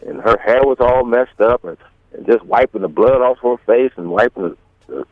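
A man's voice: mid-range voice, moderate pace. Rambling man on a tinny phone line. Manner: rambling with many fillers and restarts, acts out quotes. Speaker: guest. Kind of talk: storytelling in an interview.

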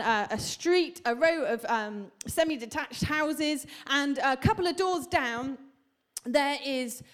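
A woman in her thirties preaching a sermon to a congregation, chatty and humorous, telling stories and asking the room questions. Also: high-pitched. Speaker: pastor. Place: church hall.

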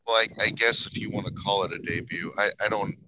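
A man's voice: on the low side, steady tone, quick pace. A man co-hosting a casual wrestling podcast who has lost his voice, talking in a laid-back way with swearing and repeated words. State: losing his voice. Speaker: podcast co-host. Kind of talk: casual chat. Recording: dull lo-fi sound with clear noise.

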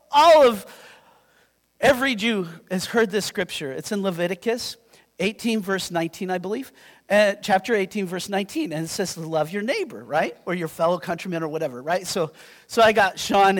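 A man from Yakima preaching a sermon as pastor, animated and conversational, checking in with his listeners. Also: high-pitched. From Yakima, Washington. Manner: animated, conversational, keeps asking "right?". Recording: long reverb in a hall.

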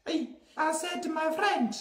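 A man's voice: very high-pitched, slow pace, voice pushed up, heavily acted. A man voicing a brash South African woman who rants indignantly about her train ride, in a comedy clip. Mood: indignant ranting. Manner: loud, indignant ranting storyteller. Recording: roomy echoey clip.

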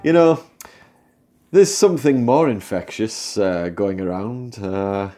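A man's voice: fairly low pitch, expressive, slow, warm tone. A man hosting a podcast, telling a comic story and laughing often. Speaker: podcast host.

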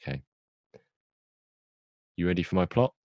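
A man's voice: deep voice, lively intonation, dry recording, muffled recording. A young man co-hosting a podcast, recapping a plot in a rambling, jokey way. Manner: rambling, jokey storytelling with quick asides. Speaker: podcast co-host.

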